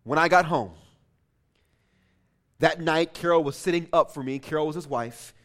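A man's voice: fairly high pitch, normal speed, a bit bright. A man preaching a sermon, reading a story aloud with impassioned, emphatic delivery. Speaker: pastor.

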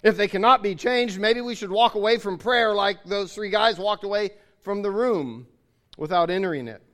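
A man's voice: sits high, normal speed, fairly bright tone. A man preaching a sermon, explaining his points in an earnest way and restating them.

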